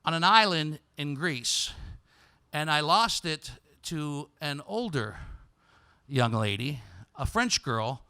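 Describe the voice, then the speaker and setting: A male podcast host telling a comic story live on stage, swinging from loud shouts to hushed asides. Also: on the high side, expressive, slow pace, clear, resonant tone. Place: live stage before an audience.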